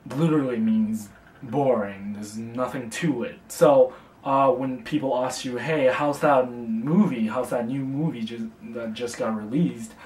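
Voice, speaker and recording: A young man teaching a casual beginner language lesson, speaking slowly and patiently and repeating phrases for the learner. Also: medium pitch, darkish tone, recorded from a distance. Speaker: language tutor. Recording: echoey room, voice from off the mic.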